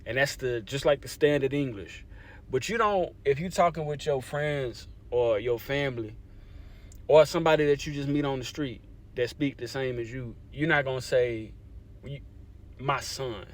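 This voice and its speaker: A man's voice: mid-range voice, moderate pace. A young adult man from Louisiana in a casual talk to camera, explaining things conversationally and often checking in with his listeners. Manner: conversational, repeats "you see what I'm saying". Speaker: language advocate.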